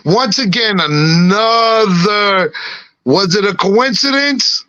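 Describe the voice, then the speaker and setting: A middle-aged man with a slight lisp, talking in a relaxed, laughing way on a podcast. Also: sits high, takes it slowly, dry recording, lo-fi sound. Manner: laid-back, laughing, peppered with "you know what I'm saying". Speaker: guest rapper. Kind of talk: casual podcast chat.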